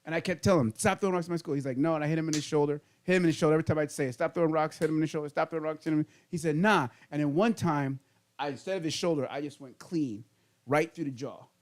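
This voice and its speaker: A middle-aged man, the podcast host, telling childhood stories in casual, animated chat. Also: on the high side, racing. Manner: animated storyteller, laughing through funny stories.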